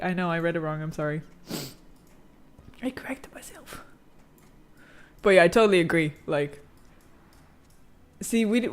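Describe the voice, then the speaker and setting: A game streamer chatting casually while playing, slangy and profane, reading chat aloud and rambling with many fillers. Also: mid-range voice.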